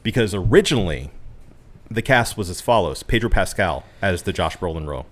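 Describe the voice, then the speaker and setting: Deep-voiced man on a movie podcast. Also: lively intonation, brisk, fairly bright tone. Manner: apologetic, reads from notes with short agreements. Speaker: podcast co-host. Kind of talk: casual movie review chat.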